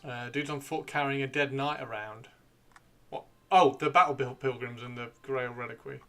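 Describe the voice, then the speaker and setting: A man's voice: medium pitch, normal speed, pushed and bright. Rambling man on a livestream. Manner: rambling, swears casually, talks to himself while browsing. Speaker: livestream host. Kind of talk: casual chat while gaming.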